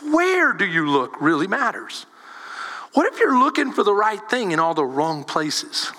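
A man preaching a sermon as a pastor, animated and calling on the congregation for responses. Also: high voice, unhurried, big-room sound.

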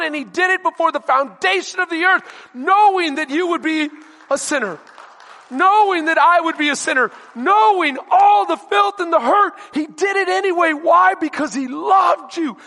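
High-voiced pastor preaching in a reverberant church. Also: male voice, normal speed, bright, forceful tone. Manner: emphatic preaching with questions to the congregation. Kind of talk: sermon.

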